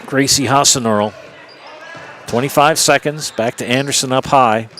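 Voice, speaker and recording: A man calling a high school basketball game play-by-play at a middling pitch. He speaks in brisk bursts and lifts his voice for shots and the clock. Faint gym noise sits behind him. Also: fairly bright tone. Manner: brisk, rising for big plays, counts down the clock. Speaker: play-by-play announcer.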